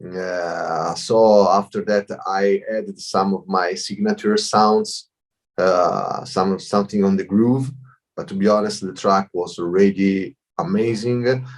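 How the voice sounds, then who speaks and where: A middle-aged man with an Italian accent, a DJ guest on a video call, speaking in halting English and often repeating words. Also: low voice, fairly even intonation. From Italy. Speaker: DJ and producer guest. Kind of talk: casual interview. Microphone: computer mic over a video call.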